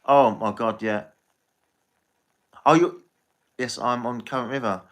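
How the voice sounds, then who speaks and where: A man's voice: mid-range voice, measured pace. An English man chatting casually on a live stream as a tarot reader, rambling and swearing freely.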